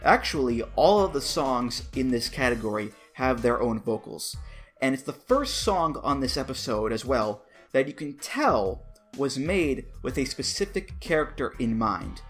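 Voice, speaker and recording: Dude doing a video essay, lively up and down voice, joking asides, bit of music behind. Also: male voice, mid-range voice, measured pace. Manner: animated, playful, wry asides. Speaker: host.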